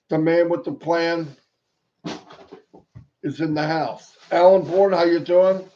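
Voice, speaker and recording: A man hosting a live stream, greeting viewers one by one with playful, sing-song shout-outs and little rhymes. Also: on the high side, fairly even intonation, slow, pauses often. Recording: dull lo-fi stream audio.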